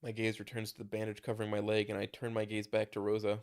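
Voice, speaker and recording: A man's voice: fairly low pitch, completely flat delivery, fast talker, a little mellow, clear, resonant tone. A man casually reading a fan story aloud, with small stumbles and restarts as he goes. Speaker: story narrator.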